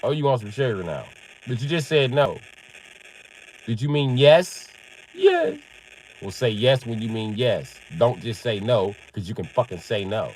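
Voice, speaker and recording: A man live-streaming a casual comedic rant. He swears heavily, laughs at his own jokes and acts out other people in loud, high yelps. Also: normal speed, a little hiss or hum, rough recording. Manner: profane, jokey storyteller.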